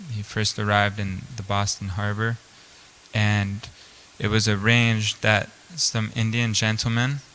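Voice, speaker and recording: A man's voice: on the low side, gravelly, fairly bright tone, a little hiss or hum, low-quality recording. A man giving a storytelling scripture class at a temple, speaking casually with many fillers and restarts. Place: temple hall.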